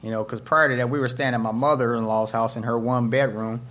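Fast and medium-pitched, this male pastor's storytelling sermon is animated, and he acts out the voices of the people he tells about.

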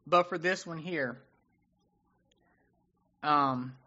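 A man preaching a sermon in an animated, conversational way, often acting out what people say. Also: on the high side, very slow, highs cut off.

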